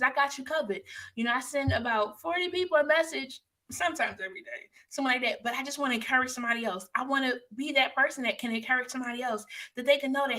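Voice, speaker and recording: A woman hosts a motivational live stream in an encouraging, preacherly way. Her voice is bright and fairly high, and it rises in emphatic bursts. She talks straight to her listeners. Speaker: host.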